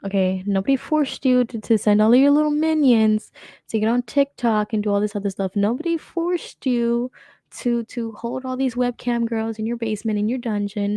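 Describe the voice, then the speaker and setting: A woman's voice: a little high, mellow, no echo, studio quality. A young woman hosting a casual reaction commentary, sarcastic and rambling, often laughing as she talks. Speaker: commentary host.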